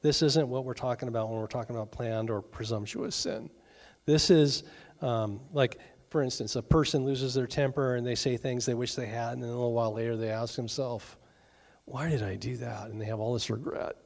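A middle-aged male pastor preaching a sermon in a conversational way, with joking asides and quick acted-out voices. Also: medium pitch, fairly even intonation.

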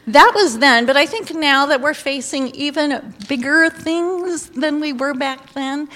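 Woman preacher, lively storytelling, somewhat high voice, reverberant church hall. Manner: animated storytelling, exclaiming and laughing. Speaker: pastor's wife or preacher. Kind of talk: sermon with personal story.

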